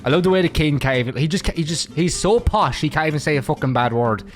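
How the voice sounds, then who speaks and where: A man's voice: fairly high pitch, expressive, fast talker. An Irish man giving crude, mocking reaction commentary, swearing freely as he riffs on clips and memes. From Ireland.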